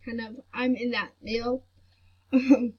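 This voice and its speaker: Slow husky-voiced sick woman. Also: fairly high pitch, flat delivery. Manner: soft-spoken, rambling with many fillers. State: sick with a headache. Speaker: vlogger. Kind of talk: casual chat to camera. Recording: dull lo-fi recording.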